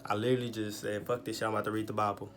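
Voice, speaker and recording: A young man in his twenties casually telling a personal story, full of slang and swearing, animated as he retells it. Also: on the low side, racing. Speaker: vlogger.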